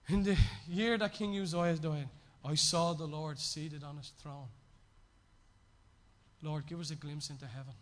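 Preaching in a conversational tone, a man alternates between loud, emphatic statements and soft, hushed repeated phrases.

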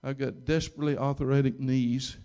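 A man voicing a gruff, bitter older man in a sermon story, blunt and agitated at times and quiet and humble at others. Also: mid-range voice, level tone, brisk, close to an everyday voice. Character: gruff old man, bitter then softened.

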